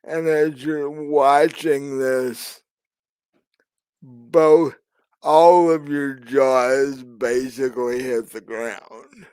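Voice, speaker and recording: Game master guy narrating, really slow, lots of ums, dry room. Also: medium pitch, fairly even intonation, a little mellow, clear, resonant tone, no echo. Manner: hesitant, many ums and restarts.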